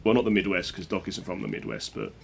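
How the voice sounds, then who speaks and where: Here the streamer's low voice is sing-song and creaky, and he talks fast over slight background noise. He jokes around with viewers during the speedrun, chatting casually and reading chat out loud.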